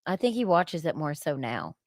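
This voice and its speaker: A woman's voice: low-pitched, big pitch swings, normal speed, no room sound, studio quality. A woman co-hosting a podcast in casual chat, playful, laughing easily and asking the questions. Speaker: podcast co-host.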